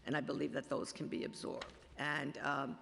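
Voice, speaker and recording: A man with a Bronx accent testifying at a budget hearing, halting and full of fillers and restarts. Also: on the high side, little pitch movement, gravelly, fairly bright tone, slight background noise. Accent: Bronx New York. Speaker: city agency official testifying. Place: large council chamber. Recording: long chamber reverb.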